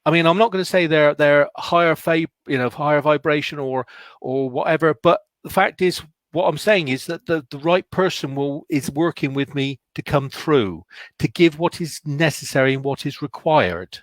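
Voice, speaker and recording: A plain-spoken man with a fairly high voice, talking about his trance work in a casual discussion. His voice sounds dry and close, with no room around it. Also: normal speed, no room sound. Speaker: trance medium guest.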